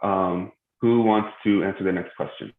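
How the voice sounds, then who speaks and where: A man teaching a tajweed class online, patiently walking students through pronunciations with frequent pauses. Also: deep voice, steady tone. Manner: patient, many "um" pauses, spells out pronunciations slowly. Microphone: video call. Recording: tinny phone-like call audio in an echoey room.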